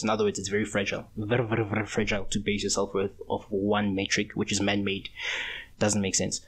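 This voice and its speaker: A young man in his twenties hosting a solo podcast, talking in a casual, rambling, slangy way. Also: lowish voice. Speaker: podcast host.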